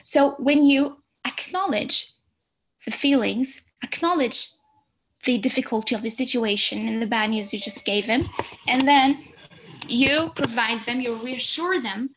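A woman with a slightly high voice gives a recorded exam-prep lecture. She explains each point patiently, repeats herself for emphasis and keeps checking in with "okay?". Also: a little slow, fairly bright tone, slight background noise.

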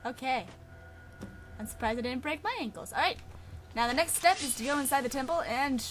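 A woman's voice: sits high, a little hiss or hum. A woman hosting a playful let's-play commentary, chatty and giggly, talking to the characters in the game. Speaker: gaming channel host.

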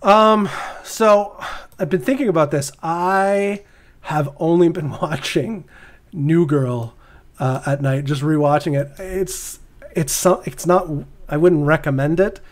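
A man's voice: a little high, takes it slowly. A Canadian man co-hosting a podcast, chatting casually in a rambling way, often restarting his sentences. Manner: chatty, rambling, laughs easily. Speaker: podcast co-host. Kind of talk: casual chat.

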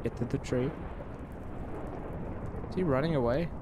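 A young man talks through a boss fight in a video game, excitable and quick to swear at the enemy. His voice sits in a middle pitch. Noisy game sounds and gunfire run underneath. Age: young adult. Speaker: gaming YouTuber. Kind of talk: live gameplay commentary.

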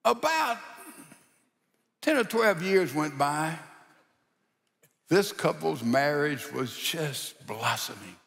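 A male pastor preaching a sermon in a folksy, animated storytelling style with rhetorical asides. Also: on the high side, takes it slowly, gravelly, pauses often, long reverb tail.

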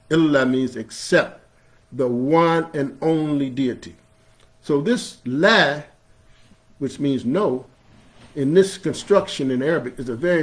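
An imam preaching a sermon in a mid-pitched male voice. He builds from a calm explaining tone to loud, drawn-out emphasis on key phrases, then chants scripture. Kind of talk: Friday sermon. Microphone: streamed live online.

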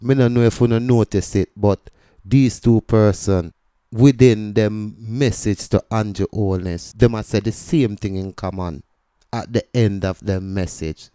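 A man's voice: lowish voice, a little slow, mellow, clear, resonant tone, no echo, clean studio sound. A man with a Jamaican accent, hosting a commentary channel and explaining a news story in a conversational, patois-laced way.

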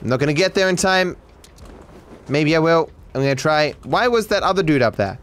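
A man's voice: on the high side, expressive, a little fast, fairly bright tone. An Australian man giving sarcastic, swearing live commentary on a game as a streamer, talking to his chat.

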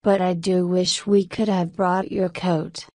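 A woman's voice: fairly low pitch, little pitch movement, a little slow, a little mellow, no room sound, clean studio sound. A woman reading the part of a brave, loving male dalmatian father, speaking steadily and encouragingly.

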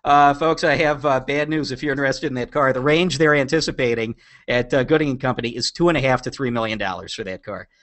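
A man's voice: mid-range voice, fast talker, fairly bright tone. A man hosting a casual podcast, chatty and joking as he teases his co-host.

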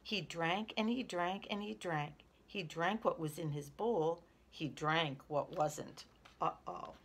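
A woman reading a children's picture book aloud in a lively, expressive way. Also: fairly low pitch, slow pace, slightly rough. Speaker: storyteller.

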